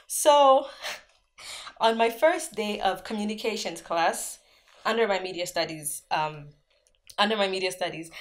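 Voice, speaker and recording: Chatty young Zambian woman vlogging. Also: lowish voice. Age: young adult. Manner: chatty storytelling, many "like" fillers. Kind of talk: casual Q&A vlog. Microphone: camera.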